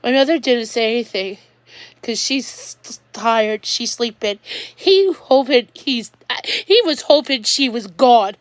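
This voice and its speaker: A woman on a home livestream talks unhurriedly in a slightly high voice, with no echo. Upset and rambling, she often restarts what she's saying in this emotional, personal monologue.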